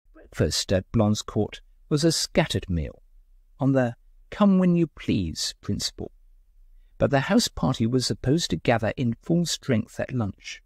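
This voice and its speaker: A man narrating a short story in an expressive, lilting way. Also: medium pitch, breathy edge, dry recording, clean studio sound. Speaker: audiobook narrator.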